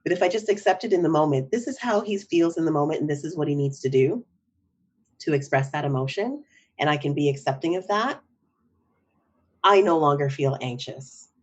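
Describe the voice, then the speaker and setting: Middle-aged woman, low voice, psychotherapist guest, reflective podcast talk, slightly dull audio. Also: animated, a little fast, breathy edge. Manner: reflective, often asks "right?". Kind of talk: podcast interview.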